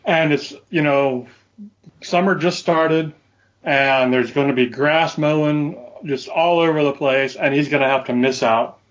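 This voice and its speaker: A man's voice: a little high, measured pace. A man telling a story to his co-hosts in casual chat, with dry, wry humor. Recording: dull lo-fi audio.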